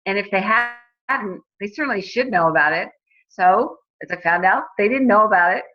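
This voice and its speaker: In a dull lo-fi recording, a woman in her forties chats through a personal testimonial, often using fillers and starting over. She has a medium-pitched voice with lively intonation and a moderate pace.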